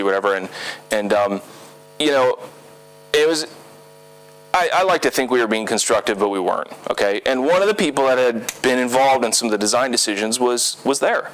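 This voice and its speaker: A man's voice: mid-range voice, fairly quick, fairly bright tone, rough recording. A man giving a live talk at a design conference, speaking conversationally with lots of fillers and checking in with the audience. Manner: conversational, many fillers and "okay?" tag questions.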